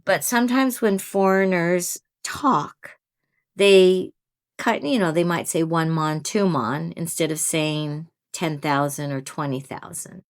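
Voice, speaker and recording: With a fairly low voice and an unhurried pace, a woman in her fifties shares easygoing tips with program newcomers on camera. Having been through the program herself, she drifts a little as she talks and pokes fun at herself.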